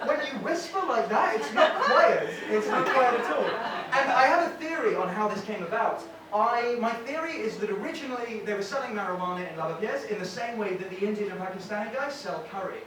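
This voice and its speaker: A man's voice: sits high, lively intonation, a little fast, hardly any pauses, a crowd in the background. A man doing a stand-up comedy set and hosting the night, telling wry stories and acting out characters on stage. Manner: wry, storytelling, acting out street sellers. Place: comedy club stage with a live audience. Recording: echoey club room, mic heard from a distance, noisy.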